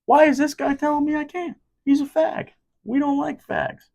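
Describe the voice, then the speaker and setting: A man in his twenties hosts a solo podcast from home, his gravelly, slightly mellow voice steady and moderately paced. He rants casually and swears constantly, his pitch jumping up sharply whenever he gets worked up and heated.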